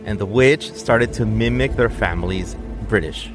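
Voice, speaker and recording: A man co-hosting a podcast casually retells a ghost legend, sprinkling in frequent "right?" and "like" asides. His voice is lowish and moderately paced, with music playing in the background.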